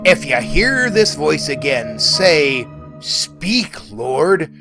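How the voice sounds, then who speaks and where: A man voicing a brusque, dismissive old male high priest, talking in a storybook retelling. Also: big pitch swings, very slow, music in the background, exaggerated voice. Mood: offhand.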